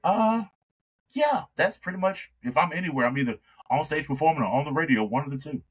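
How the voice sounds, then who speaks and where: A man from New York, a singer and radio host, chatting as a podcast guest and telling lively stories, with frequent agreeing "yeah"s. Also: on the high side, brisk, breathy edge. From born in New York. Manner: lively storyteller, steady stream of agreeing "yeah"s. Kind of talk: casual conversation.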